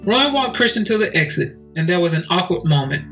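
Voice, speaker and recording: A man reads a romance story aloud on his podcast, his voice on the high side and bright. He nudges his pitch up a little when the characters speak. Faint music plays behind him. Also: big pitch swings, fast, low-quality recording. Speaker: podcast co-host reading a story.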